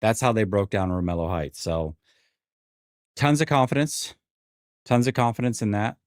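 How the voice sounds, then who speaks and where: A man's voice: lowish voice, lively intonation, normal speed, no room sound, studio quality. A man hosting a live sports stream, reacting casually and rambling, often repeating himself with wry asides. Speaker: sports show host.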